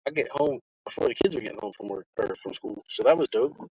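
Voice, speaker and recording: A man vlogging from his car, telling a casual, profane story in an animated way. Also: medium pitch, fast talker, breathy edge, no room sound. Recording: dry, slightly dull sound.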